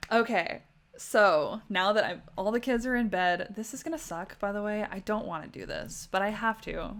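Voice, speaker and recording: Chatty woman rambling through a game stream. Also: medium pitch. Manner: chatty, rambling, lots of "like" fillers. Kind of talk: casual livestream gameplay commentary.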